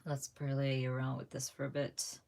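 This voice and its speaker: A woman hosting a casual live craft stream from home, chatty and laughing often, her voice jumping up when she gets excited. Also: very deep voice, moderate pace, gravelly. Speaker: craft channel host.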